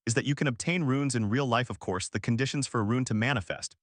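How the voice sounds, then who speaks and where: A man voicing a calm, scheming young time-looper. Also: mid-range voice, quick pace, no room sound, studio quality, natural voice. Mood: explaining. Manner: cool, matter-of-fact inner monologue.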